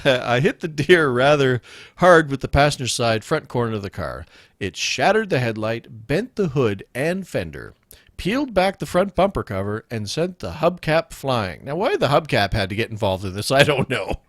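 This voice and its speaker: Male radio host, jokey and rambling, very expressive pitch, dry close-mic sound. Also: moderate pace, no echo. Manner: jokey, laughs often, rambling asides. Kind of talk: casual comedic podcast chat.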